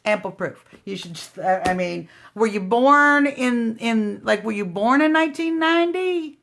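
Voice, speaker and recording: A woman hosting a live phone stream, talking loudly in a confrontational, sarcastic political rant. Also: on the high side, animated, a little slow, vocal fry. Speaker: livestream host. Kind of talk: combative political livestream rant. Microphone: phone livestream.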